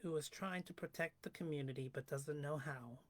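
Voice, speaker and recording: A woman livestreamer thinking aloud in a slow, musing monologue that sometimes drifts into a whisper. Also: low-pitched, no room sound. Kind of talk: reflective spoken monologue.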